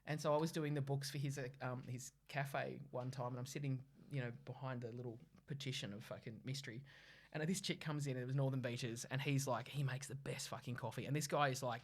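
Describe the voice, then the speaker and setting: An Australian woman comedian telling stories on a podcast in an animated, swearing, casual way. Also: extremely low pitch, a little fast. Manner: animated, swearing, laughing between phrases. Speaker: comedian guest.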